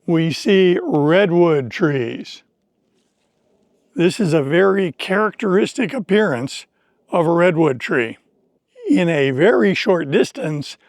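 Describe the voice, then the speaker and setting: A man teaching English in slow, deliberate, clearly explained speech while hiking outdoors on a forest trail. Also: fairly high pitch, darkish tone, no echo, clean studio sound.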